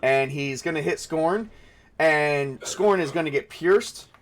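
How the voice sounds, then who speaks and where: Game master, man, slightly high voice, halting, restarts a lot while narrating the fight. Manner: halting, thinks aloud with fillers and restarts.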